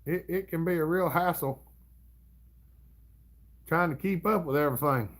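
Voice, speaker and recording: A man's voice: a little high, moderate pace. A middle-aged man with a Southern US accent, hosting a casual livestream and chatting in a drawling, chuckling, folksy way. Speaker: livestream host. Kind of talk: casual live chat reading comments.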